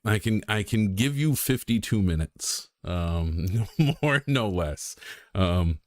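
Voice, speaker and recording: A man's voice: low-pitched, lively intonation, measured pace, no room sound, studio quality. A young man chatting casually on a game stream, rambling and self-deprecating with lots of ums and restarts.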